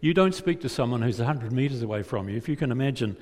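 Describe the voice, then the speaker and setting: A man's voice: medium pitch, lively intonation, quick pace, darkish tone. A male preacher telling a gospel story vividly and putting rhetorical questions to his listeners. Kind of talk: sermon storytelling. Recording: long hall reverb.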